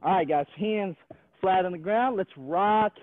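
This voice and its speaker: Upbeat coach on a tinny video call. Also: male voice, sits high, measured pace, dry recording. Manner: upbeat, encouraging, counts reps aloud and jokes with the kids. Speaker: gymnastics coach. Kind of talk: leading a live online exercise class.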